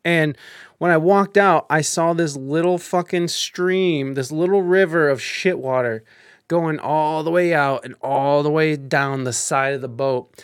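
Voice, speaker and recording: A young man live streaming, telling a story in a casual, animated way with lots of swearing, fillers and restarts. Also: a little high, a little slow, clean tone, dry recording, studio quality.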